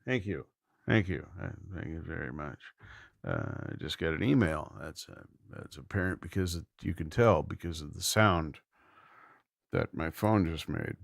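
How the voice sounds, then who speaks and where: A man's voice: a bass voice, moderate pace, vocal fry, dry recording. A middle-aged man hosting a casual livestream from a room at home, rambling easily and thinking aloud. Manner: rambling, easygoing, thinks aloud with many restarts. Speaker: livestream host.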